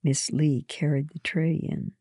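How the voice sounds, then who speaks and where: A woman with a husky voice reading a first-person story aloud in a calm, measured way. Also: low voice, dry recording, clean studio sound.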